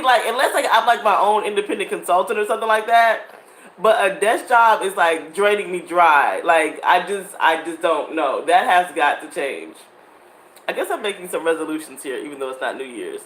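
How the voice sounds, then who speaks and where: A woman's voice: on the low side, normal speed. Chatty woman in her thirties, echoey room. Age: 30s. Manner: animated, laughing often, talks to her audience. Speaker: vlogger. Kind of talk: casual chat to viewers. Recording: echoey room with faint ambience.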